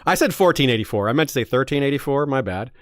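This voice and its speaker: A man's voice: medium pitch, quick pace, no echo, studio quality. A man hosting a history podcast, telling the story in a casual, joking way with frequent restarts. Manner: joking, animated, restarts often.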